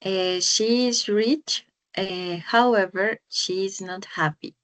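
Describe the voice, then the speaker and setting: A woman student with a Spanish accent reading English examples aloud, hesitant and halting. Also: medium pitch, a bit bright, rough recording. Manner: hesitant, reads haltingly with fillers.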